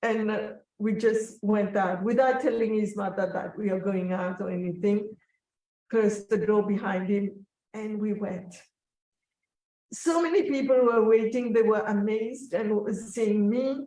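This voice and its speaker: A woman telling a personal story in an interview, slow, reflective and emotional. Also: mid-range voice, steady tone, warm tone. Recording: echoey room, voice from a distance.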